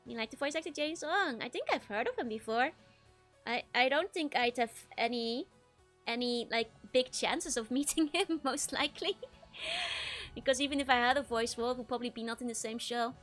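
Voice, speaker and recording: Woman streamer, high and bright, giggly and playful in casual chat. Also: moderate pace, soft background music. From Netherlands. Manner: giggly, laughs often, playful.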